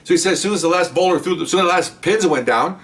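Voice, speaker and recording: A middle-aged man and former police detective telling stories from the job in a casual, animated way. He often acts out what people said and keeps checking in with "okay?". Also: high voice, rapid-fire, far from the mic. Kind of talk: casual storytelling podcast.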